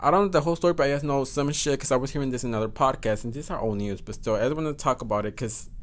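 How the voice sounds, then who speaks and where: A man's voice: medium pitch, very fast. A man hosting a solo podcast, chatting casually, swearing often and correcting himself as he goes. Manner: profane, code-switches into Spanish, self-correcting. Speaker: podcast host.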